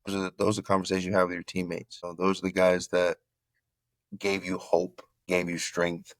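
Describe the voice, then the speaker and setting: A middle-aged man from Florida, a former football player, telling his story in an interview with animated, repeated phrases. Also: low-pitched, moderate pace, no echo.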